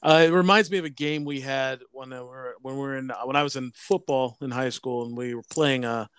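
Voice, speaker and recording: Smooth-voiced man chatting casually. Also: medium pitch, fairly even intonation, a little fast, a bit bright, no echo. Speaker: podcast host, former coach. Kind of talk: casual chat.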